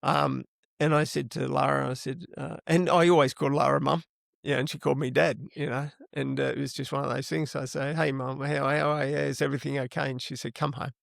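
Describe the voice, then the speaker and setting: A man's voice: medium pitch, level tone, brisk, gravelly, no echo, studio quality. A middle-aged man with an Australian accent, telling stories as an interview guest in casual, rambling talk with plenty of swearing. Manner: rambling yarn-spinner, swears freely. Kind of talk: casual storytelling.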